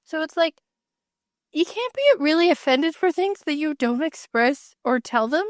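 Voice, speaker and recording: A woman's voice: sits high, lively intonation, moderate pace, no room sound, clean studio sound. A young adult woman co-hosting a podcast in casual chat, blunt and matter-of-fact. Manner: blunt and matter-of-fact, pokes holes in the story. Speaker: podcast co-host.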